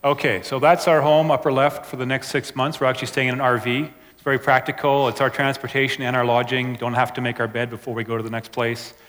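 Speaking fast with few pauses and a flat delivery, a missionary presenter walks a church audience through his slides. His mid-range voice is fairly bright, his manner casual and halting with fillers, and the hall is reverberant.

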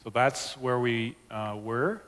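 A missionary presents a slide talk to a church audience in a reverberant hall, speaking slowly in a medium-pitched, fairly bright voice. His delivery is casual and hesitant, full of fillers.

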